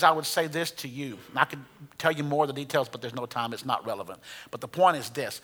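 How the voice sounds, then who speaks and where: A man's voice: medium pitch, sharp tone, long reverb tail. A man preaching a sermon, telling a story with humor in a conversational way. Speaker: pastor.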